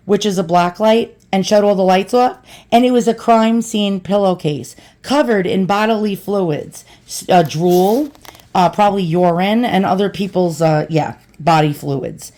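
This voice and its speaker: A talkative woman in her forties chats her way through a home unboxing vlog, rambling from one aside to the next. She talks to her viewers as boys and girls. Her voice sits at an ordinary middle pitch. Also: measured pace, darkish tone. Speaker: vlogger.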